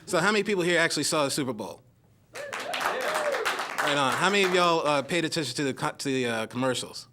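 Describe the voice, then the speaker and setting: A man's voice: a little high, animated, fast talker, over a noisy crowd, very noisy. A man doing his first stand-up set on a club stage, nervous and rambling with fillers, into a handheld mic. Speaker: stand-up comedian.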